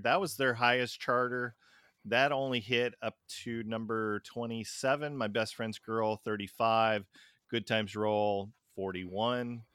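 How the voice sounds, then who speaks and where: A man's voice: medium pitch, sharp tone, smooth, no room sound, clean studio sound. A man hosting a casual music podcast, chatting through chart trivia and quizzing his co-hosts. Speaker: podcast host. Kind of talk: casual music review chat.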